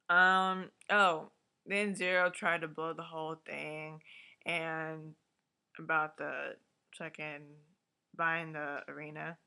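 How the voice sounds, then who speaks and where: Woman, casual recap vlog, animated, swears, lower pitch, laptop mic. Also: takes it slowly, gravelly, smooth. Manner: animated, swears, acts out the characters' lines. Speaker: vlogger reviewing a TV episode. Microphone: webcam or laptop mic.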